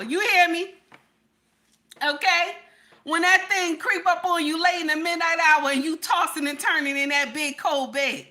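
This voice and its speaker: A woman giving animated casual commentary, repeating phrases, often asking "okay?", and breaking into laughter. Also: high-pitched.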